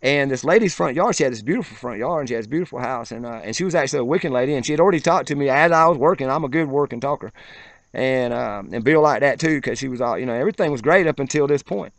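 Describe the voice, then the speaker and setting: A man's voice: medium pitch, animated, quick pace, no echo. A man telling a long personal story in a rambling, colloquial way, with plenty of profanity. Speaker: vlogger. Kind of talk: casual storytelling. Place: outdoors, then moving inside as rain starts.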